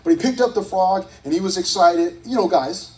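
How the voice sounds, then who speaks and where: Youth pastor teaching from a distance. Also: male voice, high voice, moderate pace, a little mellow. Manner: conversational, restarts often, reads scripture aloud. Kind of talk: casual Bible teaching.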